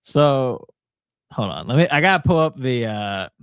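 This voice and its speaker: A man, co-hosting a political talk show and telling a rumor story in an animated way. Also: mid-range voice, moderate pace, clear, resonant tone, no room sound, studio quality. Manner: animated storytelling, laughs often. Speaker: co-host.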